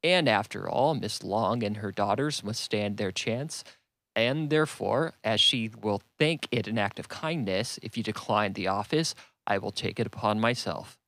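A man's voice: lowish voice, animated, normal speed, fairly bright tone, no echo. A man voicing a wry, teasing middle-aged father with a dry manner.

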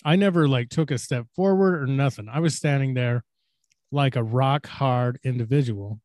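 Young male podcaster, loose and vulgar, dry close mic, acts out yelled lines. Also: mid-range voice, normal speed, no echo. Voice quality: loose and profane, acts out shouted quotes. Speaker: podcast co-host. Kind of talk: crude casual storytelling.

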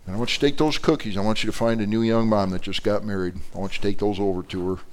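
A man voicing a calm, fatherly older pastor who gives steady, brisk instructions. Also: fairly low pitch, natural voice.

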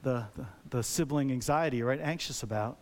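A man preaching a sermon as a pastor, talking conversationally with many rhetorical questions and lively, animated delivery. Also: medium pitch, normal speed.

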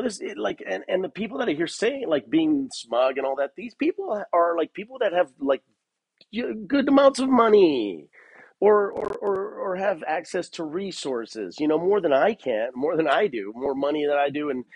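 A man's voice: medium pitch, a little mellow, slightly rough, dry recording. A man hosting his own podcast, rambling and swearing in a casual solo rant full of "man" and "dude", with a cough now and then. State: has a cough. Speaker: podcast host.

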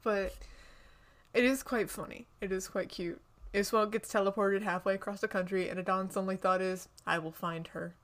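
A woman's voice: mid-range voice, level tone, moderate pace. A woman co-hosting a podcast in casual book chat, gushing and chatty, often restarting her sentences. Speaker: podcast co-host.

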